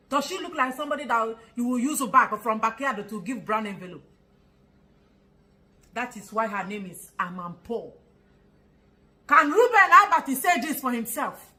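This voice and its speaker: In this low-quality clip, an animated Nigerian-accented woman rants through a vlog commentary at a moderate pace, pausing often. She throws out rhetorical questions, laughs derisively and now and then shouts, her pitch high and her tone bright and sharp.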